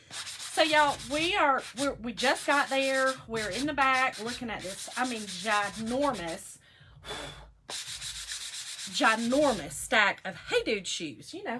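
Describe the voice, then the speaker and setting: A woman chats and tells stories to her viewers as she works on a craft. Her voice sits a bit high and bright and swings all over the place. She keeps calling out to her audience in a casual, animated way. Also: slight background noise. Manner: chatty, animated, addresses viewers as y'all. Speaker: craft vlogger. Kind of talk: casual storytelling while crafting.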